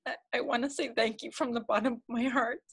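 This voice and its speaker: A woman's voice: fairly high pitch, steady tone, fast talker, a bit bright, slightly rough. Heartfelt grateful woman guest. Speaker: program participant, guest. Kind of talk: casual video interview.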